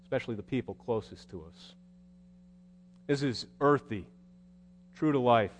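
A man's voice: mid-range voice, normal speed, slight background noise. A male preacher giving a sermon in a conversational, wry storytelling manner. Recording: long hall reverb.

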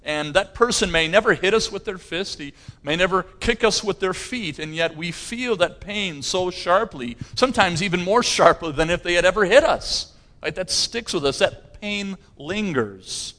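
Man, pastor, sermon, earnest, rising intensity, slightly high voice. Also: animated, moderate pace, sharp tone. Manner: earnest preaching, rising in intensity on key phrases.

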